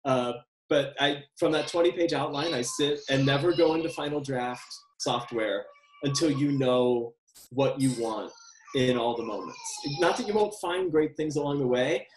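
A man's voice: medium pitch, moderate pace, slight background noise. A male screenwriter answering interview questions on a video call, rambling and correcting himself as he goes, laughing often. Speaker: screenwriter guest. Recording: roomy echo.

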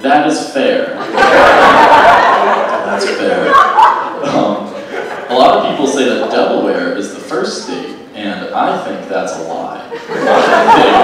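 Young man, stand-up comedian, offhand rambling delivery, very echoey distant club sound, heavy noise. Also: fairly low pitch. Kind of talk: stand-up set. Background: audience laughter.

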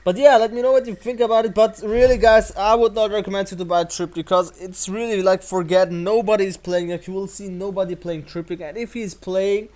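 A man giving excitable gameplay commentary while playing, whooping, swearing and exclaiming often. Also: sits high, a little fast, few pauses. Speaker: channel host playing a mobile game.

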